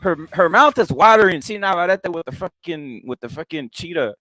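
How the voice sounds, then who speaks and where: A young man co-hosting a casual boxing podcast, talking loud and animated with crude banter and many restarts. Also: fairly high pitch, a little fast, no echo, faint music behind. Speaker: podcast co-host.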